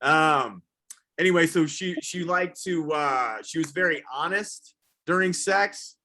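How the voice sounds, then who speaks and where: Bright-voiced Southern-born male comic. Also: on the high side. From American South. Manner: crowd work with drawn-out impressions, profane. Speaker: stand-up comedian. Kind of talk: stand-up comedy set. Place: comedy venue with a live audience.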